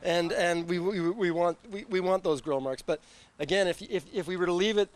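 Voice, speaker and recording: A man shows barbecue tips on a local TV show, stumbling over his words and repeating himself. His voice sits fairly high for a man. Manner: halting, repeats words, restarts. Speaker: barbecue chef guest. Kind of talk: cooking demonstration chat.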